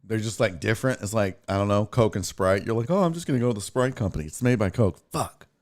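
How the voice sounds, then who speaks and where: A man's voice: lowish voice, quick pace, darkish tone. A man hosting his own show, telling a story in a profane, ranting casual style. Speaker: sports show host.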